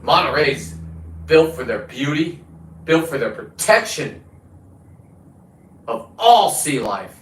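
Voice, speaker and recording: A man's voice: fairly high pitch, big pitch swings, takes it slowly, pauses often, slight background noise. A man hosting his own show, delivering a combative, boastful, profane rant. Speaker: show host. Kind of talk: profane ranting monologue. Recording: roomy, distant from the mic.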